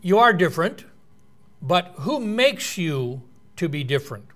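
A man's voice: fairly high pitch, very animated, measured pace, a bit bright. A man preaching a sermon in an earnest, explanatory way, quoting and unpacking scripture.

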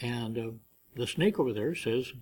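A man's voice: medium pitch, normal speed, a little mellow. A man preaching a sermon, telling a family story and acting out the voices he quotes.

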